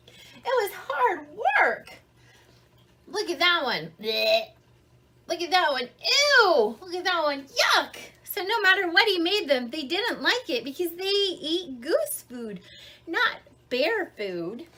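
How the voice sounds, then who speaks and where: A woman reading a picture book aloud to children, her high, bright voice swooping up and down as she turns the story into a conversation. She takes her time and keeps pausing to ask the little listener questions. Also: a little hiss or hum. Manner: animated, asks children questions; explains words simply. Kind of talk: interactive storybook read-along.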